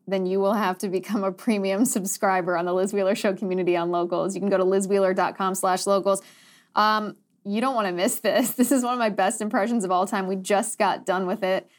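A young adult woman hosting her own show in a sarcastic, quick, animated monologue. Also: medium pitch. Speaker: podcast host. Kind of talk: casual monologue.

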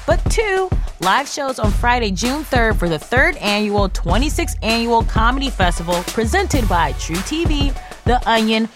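A woman co-host reading show promos and credits in a playful, jokey way. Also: sits high. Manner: playful, jokey, goofy asides. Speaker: podcast co-host. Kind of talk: casual chat and show promos.

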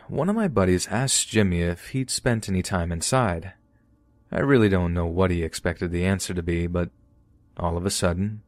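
A man narrating a true horror story for a podcast in a steady, storytelling manner. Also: sits low, no room sound.

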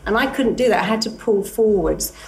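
A woman's voice: medium pitch, expressive, brisk, a little mellow. Emphatic woman therapist on a distant mic. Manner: earnest, emphatic, repeats key phrases; acts out inner voices and dialogue. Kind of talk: motivational talk. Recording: distant mic with faint background noise.

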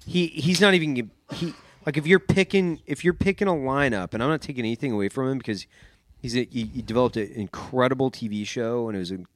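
Emphatic, profane man on a podcast. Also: quick pace. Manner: profane, emphatic, jumps between high and low. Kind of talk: casual podcast chat.

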